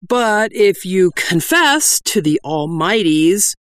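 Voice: big pitch swings, slow pace, fairly bright tone, dry recording, clean studio sound. A reader voicing a timid male hymnal merchant who stammers and quavers in a nervous, aggrieved voice. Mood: flustered. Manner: quavering, high and hesitant.

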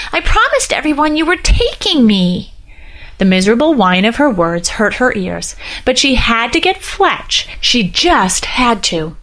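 A woman narrates a fiction story in a steady reading voice. She gives the characters' lines a light lift rather than full voices, keeping an even, mid-pitched tone throughout. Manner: reads all characters lightly, with small pitch lifts for dialogue. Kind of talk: scripted narration.

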